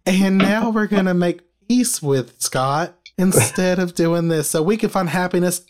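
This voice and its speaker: A man imitating a smooth, upbeat male TV preacher in a soothing sermon cadence. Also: high-pitched, unhurried. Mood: preachy.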